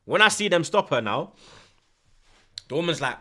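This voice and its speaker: Male streamer, animated casual storyteller, bright tone pitched a little high. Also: normal speed. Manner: animated, swears often, heavy slang. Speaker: livestream host.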